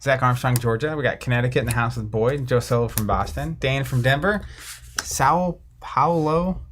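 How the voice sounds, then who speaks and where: A man's voice: medium pitch, fast, slight background noise. A man co-hosting a card game stream, casually reading out viewer comments and poking fun at himself. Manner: reads out viewer names and places, self-deprecating.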